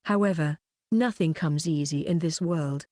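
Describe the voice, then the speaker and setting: A woman's voice: sits low, moderate pace, dark tone, no room sound, clean studio sound, close to an everyday voice. A woman doing a cold, mocking teacher. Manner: cutting, mocking. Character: stern cold female homeroom teacher.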